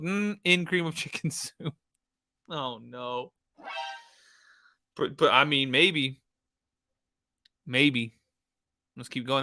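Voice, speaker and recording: A man's voice: fairly high pitch, sharp tone, no room sound, studio quality. A man hosting a live true-crime stream, reacting animatedly to footage with swearing, laughter and asides to his chat.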